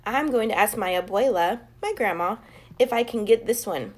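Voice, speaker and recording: A woman's voice: mid-range voice, moderate pace, close to an everyday voice. A woman voicing a confident, cheerful young schoolgirl in a storybook, self-assured in tone.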